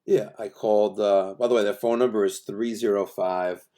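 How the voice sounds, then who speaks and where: A man's voice: lowish voice, fairly even intonation, moderate pace, warm tone. A middle-aged man, an HVAC contractor ranting in a vlog about a supplier, exasperated and acting out phone calls.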